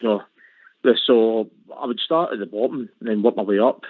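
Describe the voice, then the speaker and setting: A man's voice: on the low side, a little fast, no room sound. A Scottish man calling in to a radio show, frustrated and saying aye a lot. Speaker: caller. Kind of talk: phone-in call. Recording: tinny phone line.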